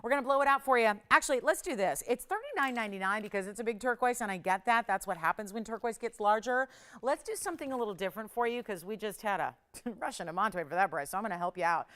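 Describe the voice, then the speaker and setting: A middle-aged woman hosts a live jewelry sales show as a shopping channel presenter, chatting away cheerfully with bursts of laughter. Her voice sits at a medium pitch with lively intonation, and she talks quickly in a bright, forceful tone.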